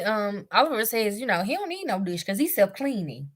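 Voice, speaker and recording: A young woman giving a casual live recap, chatty and slangy with lots of fillers, clearing her throat from a cough. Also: mid-range voice, sing-song, normal speed. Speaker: show reviewer.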